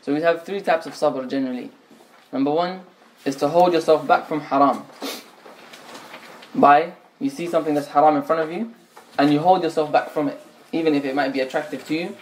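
A man's voice: a little high, steady tone, fairly quick, pauses often, a little mellow, slight background noise. A man teaching a religious lesson, explaining points step by step, often restating phrases and mixing in Arabic terms. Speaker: Islamic teacher.

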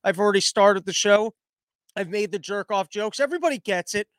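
A man's voice: high-pitched, a little fast, a bit bright, no echo. A male comedian hosting a podcast, rambling through a crude, self-interrupting monologue. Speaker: comedian host.

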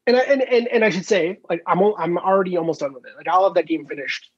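A man's voice: high voice, fast talker, slightly rough, dry recording, lo-fi sound. A man co-hosting a casual video game podcast, rambling with many fillers and restarts and casual swearing. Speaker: podcast co-host. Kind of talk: casual chat.

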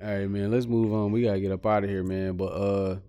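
Guy on a podcast, loose slangy banter, gets loud and worked up, laughs a bunch. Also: fairly low pitch, fast talker, smooth, dull audio. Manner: animated, rising to near-shouts when riled, laughs often. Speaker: podcast co-host.

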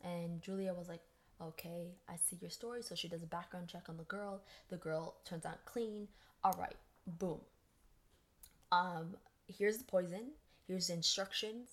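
A woman's voice: fairly low pitch, fairly even intonation, measured pace. A woman hosting a podcast, telling a story in a casual, chatty way and acting out quoted voices. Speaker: podcast host.

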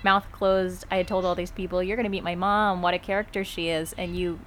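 A woman's voice: fairly low pitch, little pitch movement, brisk, a bit bright, slight background noise. A woman hosting a podcast who talks casually and reflectively, teasing her mother at times. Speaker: podcast host. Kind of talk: casual chat.

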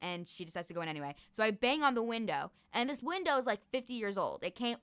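Bright-voiced young woman telling a story. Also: on the high side, fast talker, smooth. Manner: animated storytelling with frequent laughs. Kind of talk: casual chat.

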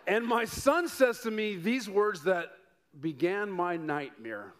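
A middle-aged man from Denver preaching a sermon to his congregation, telling stories with playful asides and mounting excitement. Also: high voice, takes it slowly. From Denver, United States. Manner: animated storytelling with rising excitement and playful asides. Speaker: pastor.

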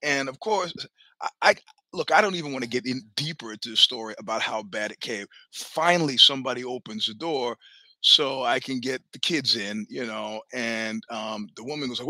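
A man's voice: medium pitch, normal speed, bright, forceful tone, dry recording. A man in his sixties hosting a show, telling a long personal story in a rambling, chatty way, full of restarts, stammers and swearing. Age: 60s. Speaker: podcast host.

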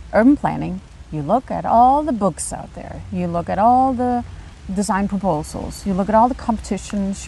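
A woman in her forties from Denmark, speaking with a Danish accent as an architect and urban planner in a casual podcast conversation, emphatic and quick to laugh. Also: a little high, a little hiss or hum, poor audio. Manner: animated, emphatic, laughs often.

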